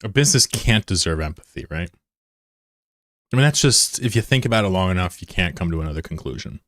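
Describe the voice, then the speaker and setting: Low-voiced man telling a wry rant. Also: fast talker, no room sound. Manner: wry, self-mocking, animated retelling. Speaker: streamer. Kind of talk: casual storytelling while gaming.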